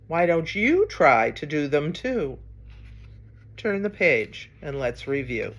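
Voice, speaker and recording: Speaking slowly in a low voice with big swings in pitch, a woman reads a picture book for story time. She plays up the animal and sound effects and encourages the listening children to join in.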